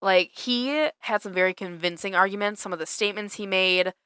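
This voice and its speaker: Bright-voiced young woman co-hosting a podcast. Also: mid-range voice, brisk, smooth, dry recording. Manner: laid-back, swears casually, laughs often. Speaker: podcast co-host. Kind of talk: casual chat.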